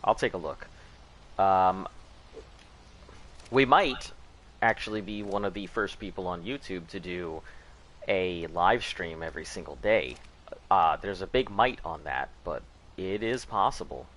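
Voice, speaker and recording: A man's voice: low voice, a little slow, pauses often, a bit bright. A man hosting a game live stream, chatting casually and rambling, laughing at his own jokes. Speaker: gaming live-stream host.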